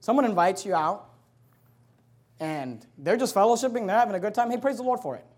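A man preaching as a pastor, forceful and direct, reading scripture loudly and slowly, then rushing through quick asides to the congregation. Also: high-pitched, animated. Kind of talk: sermon.

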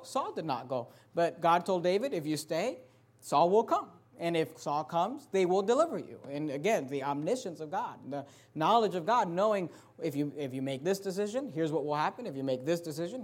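High-pitched man preaching emphatically. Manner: emphatic preaching, repeating phrases and building to loud passages. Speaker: pastor. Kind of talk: sermon.

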